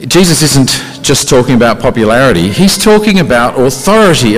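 A man preaching a conversational sermon, with rhetorical questions and sudden emphatic rises in pitch. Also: animated, brisk, hardly any pauses. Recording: reverberant hall.

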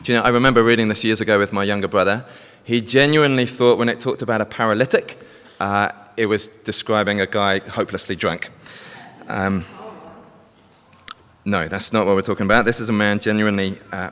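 A man's voice: fairly low pitch, fairly even intonation, brisk, a bit bright, smooth. A man preaching a sermon, telling a story and asking the congregation questions. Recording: long hall reverb.

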